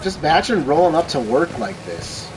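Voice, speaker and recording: A man's voice: fairly high pitch, sing-song, normal speed. A man streaming a shooter game who rambles casually and swears freely between plays. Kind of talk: casual rambling chat while gaming. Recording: noisy, with game gunfire behind.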